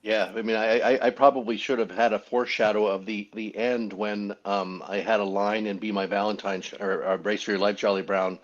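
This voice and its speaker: Middle-aged man, lowish voice, dull lo-fi audio, casual self-deprecating panel guest. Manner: self-deprecating, joking, laughs often. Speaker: guest, former child voice actor.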